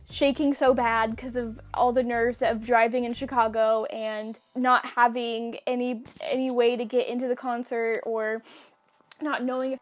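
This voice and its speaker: A young woman with a fairly high voice tells a story to her camera in a loose, chatty way. She laughs often and acts out quotes from the people she met. Soft music plays faintly behind her. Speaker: vlogger. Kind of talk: casual storytelling.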